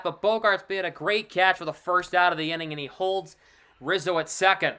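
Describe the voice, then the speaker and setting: A man streaming casual live play-by-play commentary of a baseball game, chatty and excitable over big plays, with offhand asides. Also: high voice, moderate pace, clear, resonant tone.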